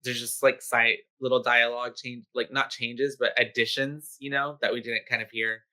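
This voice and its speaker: A man with a very bright, sharp-edged voice talks loosely through a horror film's plot. He swears freely and keeps stringing thoughts together with filler words. His pitch sits at an ordinary middle level. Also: little pitch movement, moderate pace. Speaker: podcast co-host. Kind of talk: casual chat recapping a horror film.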